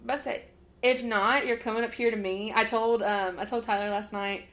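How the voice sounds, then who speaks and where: A woman's voice: fairly high pitch, steady tone, moderate pace, a bit bright. A woman co-hosting a casual podcast chat, talking loosely with lots of "like" and frequent laughter. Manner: chatty, laughs often, lots of "like". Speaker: podcast co-host.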